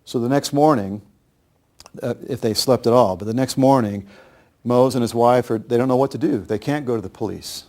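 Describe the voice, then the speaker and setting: Gravelly-voiced man telling history. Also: mid-range voice, warm tone. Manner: grave, measured storytelling with acted quotes. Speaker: speaker recounting history. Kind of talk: storytelling lecture.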